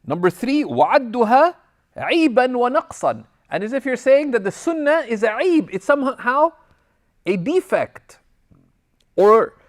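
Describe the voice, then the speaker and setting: Lively high-voiced man teaching a class. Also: fairly quick. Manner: lively, switches between Arabic text and English explanation; tells anecdotes, acting out dialogue in passing. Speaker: Islamic teacher. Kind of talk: recorded class lecture.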